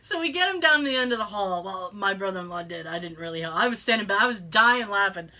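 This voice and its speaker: Bright, lively middle-aged woman. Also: mid-range voice, quick pace. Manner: animated, swears freely, laughs through her story. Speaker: podcast host. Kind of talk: casual storytelling chat.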